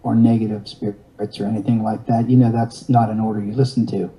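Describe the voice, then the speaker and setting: A man's voice: lowish voice, flat delivery, a little fast, mellow, poor audio. A man in his fifties telling a long personal story in an interview, rambling along with restarts and wry, self-mocking humor. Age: 50s.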